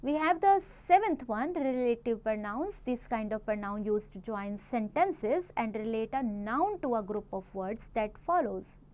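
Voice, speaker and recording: A woman with an Indian accent teaching a grammar lesson to children, reading examples slowly and rattling off quick asides between English and Hindi. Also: a little high, animated, a little mellow. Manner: reads examples slowly and clearly.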